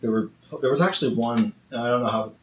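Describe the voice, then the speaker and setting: A man's voice: mid-range voice, quick pace. Stammering man in an echoey room. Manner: stammering restarts, reads testimonies aloud. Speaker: podcast co-host. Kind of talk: casual chat. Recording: echoey room, muffled lo-fi sound, faint hiss.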